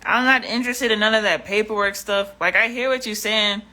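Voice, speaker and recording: A woman's voice: medium pitch, a little fast, pushed and bright. Blunt, exasperated woman vlogger. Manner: blunt and profane, exasperated, repeats herself. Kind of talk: casual livestream rant.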